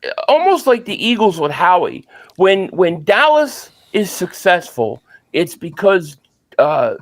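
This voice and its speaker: A man who is a guest on a sports podcast, arguing his points in a measured, casual way. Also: sits high, very animated.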